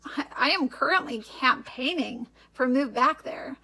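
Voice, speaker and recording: A young woman from Wisconsin talks through an advice vlog in a casual, rambling way, with a clear Upper Midwest American accent. Her voice sits high, with a lot of gravelly vocal fry. She laughs often and keeps catching and correcting herself. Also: lively intonation, moderate pace, sharp tone, poor audio. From Wisconsin, USA. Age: young adult. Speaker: vlogger.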